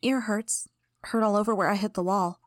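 A woman's voice: steady tone, normal speed, no room sound, studio quality, close to an everyday voice. A woman voicing a cocky, bratty teenage girl in a pert, raised voice for an audiobook. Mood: cheeky. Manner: pert, higher voice.

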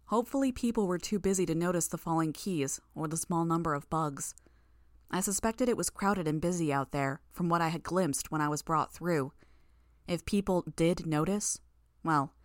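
A woman narrating fiction in the first person, in a measured, tense way. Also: on the low side, no room sound, studio quality. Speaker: audiobook narrator.

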